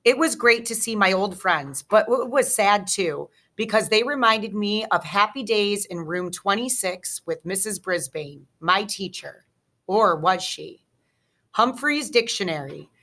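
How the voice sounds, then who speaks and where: A teacher reads a children's chapter book aloud, narrating expressively. She keeps an unhurried pace, and her voice is bright and clear. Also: medium pitch. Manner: slow, expressive storytelling.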